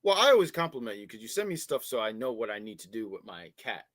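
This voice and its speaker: Animated man chatting on a wrestling review show. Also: lowish voice, fast talker, no room sound. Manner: animated, repeats words, baby-talks to his cat. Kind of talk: casual review chat.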